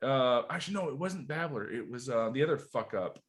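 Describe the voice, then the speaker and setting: A man's voice: mid-range voice, a little fast. A man, a podcast guest, telling army stories in casual, profane chat and acting out the people he quotes. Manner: profane, animated, acts out shouted quotes.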